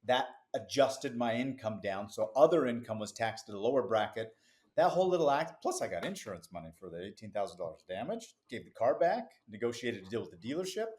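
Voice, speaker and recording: Man telling a lively story. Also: mid-range voice. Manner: lively anecdotal, quick asides, laughs easily. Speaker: business founder, podcast guest. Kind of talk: casual interview storytelling.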